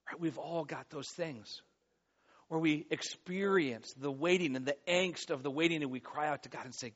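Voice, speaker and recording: A man preaching a sermon, pleading loudly and then dropping to a hush, often repeating words as he goes. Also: a little high, fairly quick. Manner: impassioned, swings from loud pleading to hushed. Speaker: pastor. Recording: dull lo-fi recording.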